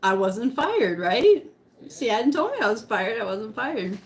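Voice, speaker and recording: A woman's voice: a little high, big pitch swings, measured pace. Giggly woman telling a story. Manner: giggly, laughs often while talking; eating while talking. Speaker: vlogger. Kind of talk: casual storytelling to live chat.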